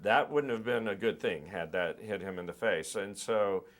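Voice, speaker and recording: Low-voiced man telling filmmaking stories. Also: moderate pace. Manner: thoughtful, restarts and repeats words while explaining. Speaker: film director, interview guest. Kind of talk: relaxed interview talk.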